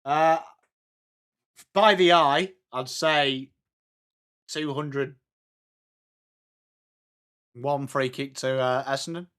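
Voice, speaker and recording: The speaker, a young English host of a live football watchalong, calls the game and chats with viewers, mixing commentary with replies to the chat. His medium-pitched voice is steady, fairly bright and clean. He speaks extremely slowly, with long pauses.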